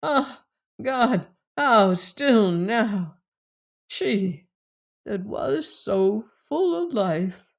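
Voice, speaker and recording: A man voicing a grief-stricken older seaman in an audiobook, crying out in anguish and raising his voice higher and louder. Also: expressive, very slow, gravelly, full character voice. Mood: querulous. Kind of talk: audiobook character reading.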